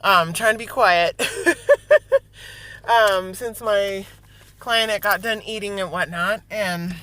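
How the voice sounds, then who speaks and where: A woman's voice: mid-range voice, fairly even intonation, slow, sharp tone, dry recording. A young woman vlogging a casual rant from her car, chatty and rambling with frequent ums and laughs, talking to a phone camera. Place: in a parked car. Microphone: phone camera held or set down.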